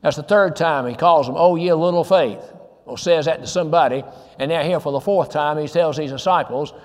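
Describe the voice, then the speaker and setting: A man's voice: a little high, a little fast, in a large hall. A man preaching a sermon earnestly, asking rhetorical questions and quoting scripture.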